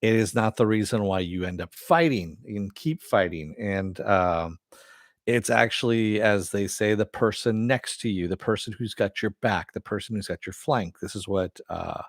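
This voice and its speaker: A man's voice: fairly low pitch, moderate pace, dry recording, clean studio sound. A man hosting a casual live-stream TV review, rambling with many fillers and frequent chuckles. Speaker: show host.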